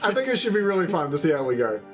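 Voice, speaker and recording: Brief: New Zealand guy, let's play host, rambling and upbeat, a bit high, very animated. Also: racing, faint music behind. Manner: upbeat, rambling, explaining as he goes. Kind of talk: casual game commentary.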